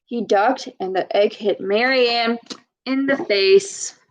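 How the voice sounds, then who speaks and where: A woman's voice: fairly high pitch, slow pace, rough recording. A woman voicing a little girl who explains a farm mishap in a storybook reading. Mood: explaining.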